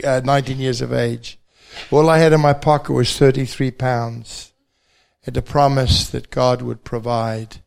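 An older New Zealand man with a New Zealand accent, a pastor, shares his faith testimony at a banquet, adding gentle self-deprecating humor. His voice is medium-pitched, gravelly, and smooth.

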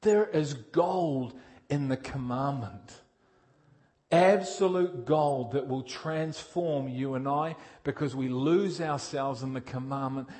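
Speaking slowly in a mid-range voice, this preacher gives an energetic, direct sermon. Questions go out to his listeners, and his delivery shifts from loud emphasis to quiet intensity.

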